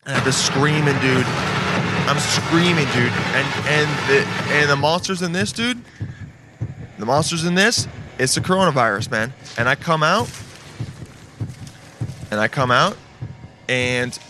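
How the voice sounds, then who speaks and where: On the high side and a little slow, this man's voice pauses often against a noisy background with music playing. He's in his late twenties, reacting to videos casually, cursing regularly and saying "dude" constantly.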